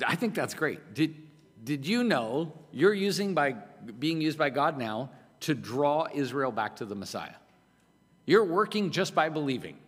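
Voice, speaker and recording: A man's voice: fairly high pitch, sing-song, normal speed, husky. Emphatic male preacher in a reverberant hall. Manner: emphatic, conversational preaching with rhetorical questions. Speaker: pastor. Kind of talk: sermon.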